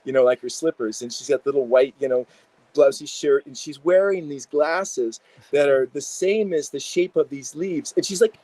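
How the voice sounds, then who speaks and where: A man, an integration psychologist, telling animated stories in a casual interview with many fillers. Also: fairly high pitch, moderate pace, dry recording, rough recording.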